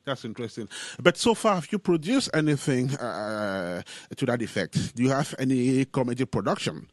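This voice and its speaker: Male radio host interviewing a guest; animated pitch, hesitant phrasing, dry close mic. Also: moderate pace, no echo. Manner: hesitant, many "uh" fillers between phrases.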